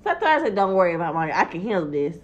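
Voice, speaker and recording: A woman's voice: fairly low pitch, sing-song, very fast. A young woman telling a story in casual chat, acting out the quotes and swearing freely. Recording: dull lo-fi recording.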